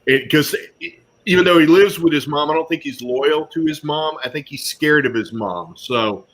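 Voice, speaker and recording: A man's voice: a little high, normal speed, a bit bright. A man moderating a casual panel discussion, musing aloud with frequent ums.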